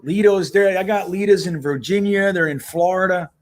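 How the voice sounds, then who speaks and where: A man's voice: sits high, normal speed. A man hosting a casual live stream, chatting loosely and reacting to plays as he talks with viewers. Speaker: livestream host. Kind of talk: casual live watch-along chat. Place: home in Miami.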